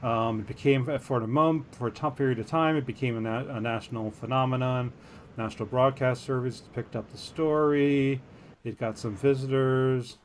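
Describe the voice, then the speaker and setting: A man co-hosting a casual podcast chat, rambling with halting restarts and an amused tone. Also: mid-range voice, fairly even intonation, slight background noise. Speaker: podcast co-host. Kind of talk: casual chat about archaeology.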